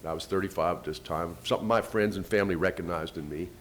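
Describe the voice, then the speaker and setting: A man giving a first-person storytelling talk, retelling events with quoted dialogue and lively shifts in pitch and loudness. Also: fast. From United States. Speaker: invited speaker.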